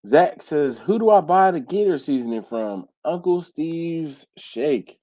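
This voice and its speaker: A man's voice: mid-range voice, mellow, dry recording, low-quality recording. A congested man hosting a livestream, casually reading viewer comments aloud and answering them. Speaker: livestream host reading chat. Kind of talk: casual live chat. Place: home.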